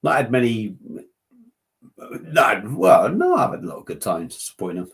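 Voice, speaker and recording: A man's voice: on the low side, sing-song, moderate pace. Rambling, sweary host in his fifties. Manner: joking, rambling, sweary banter. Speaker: beer review livestream host. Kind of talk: casual livestream chat.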